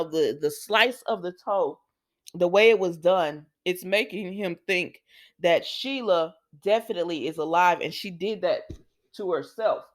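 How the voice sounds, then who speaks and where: A woman giving a casual, chatty soap opera recap, storytelling with lots of asides and quoted dialogue. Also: fairly low pitch.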